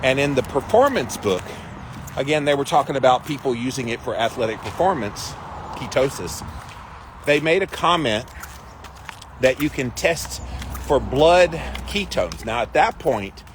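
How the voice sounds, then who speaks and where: A man's voice: medium pitch, expressive, normal speed, noisy background. A man hosting a livestream, casually and animatedly retelling an anecdote to his viewers. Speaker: host.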